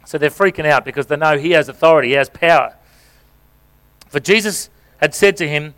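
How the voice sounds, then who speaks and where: A man's voice: a little high, a little fast, pauses often, fairly bright tone, clean tone. A man, a pastor giving a playful sermon and directing volunteers as he reads scripture aloud. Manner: jokey, playful, coaching volunteers on stage. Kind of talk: sermon with acted-out scripture reading. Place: church stage before a congregation.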